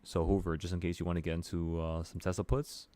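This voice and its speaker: Male trading streamer, deep voice, casual and offhand, swears. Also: quick pace. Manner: relaxed, swearing, talks to viewers with "bro". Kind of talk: casual chart walkthrough.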